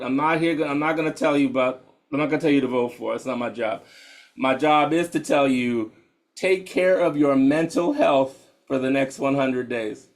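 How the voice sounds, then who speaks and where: A man, a meditation teacher, talking in a loose, slangy way with frequent laughs before guiding a meditation. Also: fairly high pitch. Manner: laid-back, slangy, laughs often. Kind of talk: casual talk then guided meditation.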